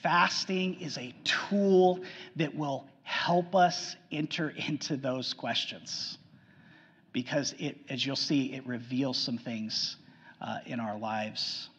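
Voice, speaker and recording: A man preaching a sermon earnestly, repeating his points and swinging from loud emphasis to hushed low lines. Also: slow, husky. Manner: earnest, repetitive, frequent restarts, swings between loud emphasis and hushed lows. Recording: muffled sound with long hall reverb.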